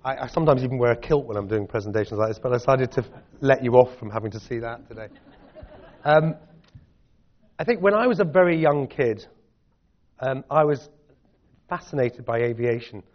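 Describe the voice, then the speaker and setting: A man's voice: mid-range voice, lively intonation, a little fast, long pauses. A middle-aged Scottish man answering audience questions in a chatty, self-deprecating way. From Scotland. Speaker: guest speaker. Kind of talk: public talk and Q&A. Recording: dull lo-fi audio.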